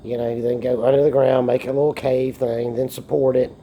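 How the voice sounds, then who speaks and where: A man's voice: mid-range voice, level tone, fairly quick, warm tone, a little hiss or hum. A man, a bit tipsy from beer, rambling and joking through a casual monologue recorded on a phone and swearing often. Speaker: vlogger.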